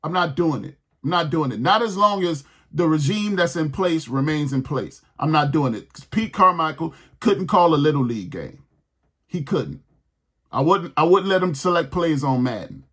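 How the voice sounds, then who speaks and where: A man's voice: a little high, lively intonation, moderate pace, fairly bright tone. A man hosting a sports podcast, ranting in a heated, exasperated way and repeating his points.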